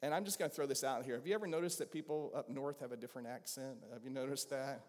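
A man's voice: medium pitch, fast, a little mellow. A man with a Southern accent preaching a conversational sermon as pastor, asking the congregation questions. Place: church sanctuary. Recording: long reverb of a large hall.

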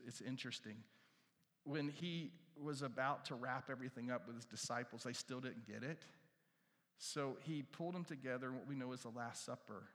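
Man preaching in a reverberant hall. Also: medium pitch. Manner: animated, swings from loud to hushed asides; repeats key phrases, asks the crowd questions. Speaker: pastor. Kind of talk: sermon. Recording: long reverb from a large hall.

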